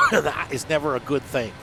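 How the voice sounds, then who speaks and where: A man's voice: fairly high pitch, wildly swooping pitch, slow pace. Stuffy-nosed man narrating a truck game. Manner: rambling, joking, self-deprecating. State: stuffed-up nose from allergies. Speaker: gaming channel host. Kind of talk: casual let's-play commentary. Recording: game engine and vehicle noise behind.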